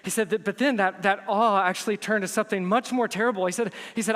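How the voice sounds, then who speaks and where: A man with a high, bright preaching voice delivers a sermon, telling stories in an animated way and building to emphatic intensity. His voice rings out with a long, lingering reverb from a church sanctuary. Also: fast, few pauses. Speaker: pastor.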